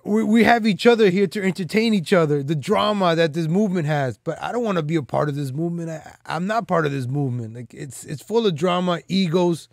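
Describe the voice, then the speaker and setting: Rambling, slightly high-voiced male streamer. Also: brisk, vocal fry, few pauses, no room sound, clean studio sound. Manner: loose, with frequent "like" and "man" fillers; teasing and boastful. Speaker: live stream host. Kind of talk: casual rambling commentary.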